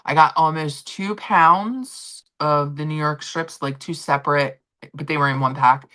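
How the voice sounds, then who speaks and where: Low, bright-voiced chatty woman. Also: unhurried. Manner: chatty storytelling, swearing casually. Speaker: livestream host. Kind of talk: casual chat with viewers.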